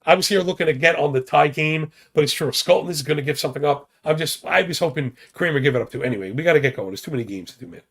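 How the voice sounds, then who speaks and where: Male betting podcast host, casual and stat-heavy, a bit of fry in the voice. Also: on the high side, a bit bright. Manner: rapid stat-heavy banter with slang.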